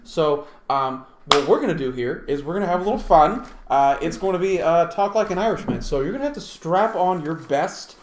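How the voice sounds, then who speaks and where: A man's voice: fairly high pitch, expressive, a little fast, few pauses, echoey room, noisy background. A man hosting a casual chat, rambling and joking with frequent swearing. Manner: rambling, profane, jokey. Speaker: podcast host.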